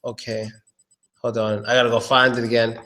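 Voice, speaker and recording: A man teaching English pronunciation on a live stream, relaxed and thinking aloud, slowly repeating each word. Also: medium pitch, slight background noise.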